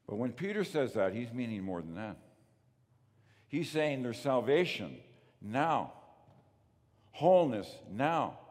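Guy giving a sermon, animated pitch, loud then soft, lots of hall echo. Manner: emphatic, rises and drops in volume, rhetorical questions. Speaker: pastor. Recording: long reverb of a large hall.

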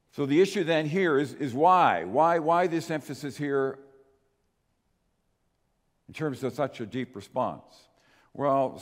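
A male pastor delivering a sermon, earnest and emphatic, swinging between raised stresses and quiet drops. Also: medium pitch. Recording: long hall reverb.

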